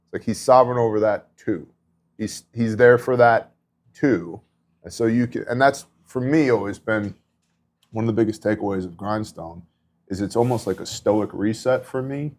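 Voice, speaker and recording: Speaking in a lowish voice at normal speed, a middle-aged man shares relief-work stories on his faith podcast. He's a disaster relief volunteer, and his delivery is earnest and conversational, full of asides.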